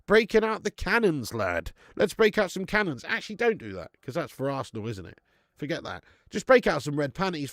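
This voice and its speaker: A man's voice: medium pitch, dry recording, clean studio sound. Matey man with a Dorset accent. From Dorset, England. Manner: chatty and matey, calls viewers "lad" and "mate"; swears freely and laughs often. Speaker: football watch-along host. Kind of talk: casual live commentary and chat reading.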